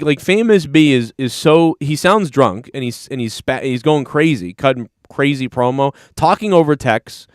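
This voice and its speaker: A man's voice: mid-range voice, animated, normal speed, hardly any pauses, smooth, dry recording, clean studio sound. A man hosting a live stream, recapping a clip in a rambling, profane, casual way. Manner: rambling, profane, talks over replayed clips. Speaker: stream host.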